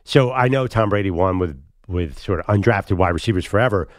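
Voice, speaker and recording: A man's voice: low voice, brisk, no echo, clean studio sound. A man co-hosting a sports talk show, trading wry, skeptical takes in casual debate.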